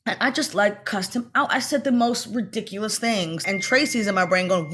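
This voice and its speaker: A middle-aged woman, an actress, telling a story in a casual interview. She is animated, acts out the voices she quotes and talks fast in bursts. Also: mid-range voice, a little hiss or hum.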